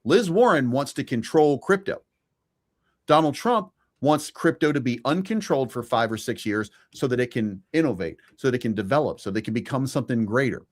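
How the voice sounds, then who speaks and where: A man's voice: medium pitch, animated, a little fast. A man co-hosting a live stream, giving his opinions in a casual political debate, with frequent restarts. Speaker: stream co-host.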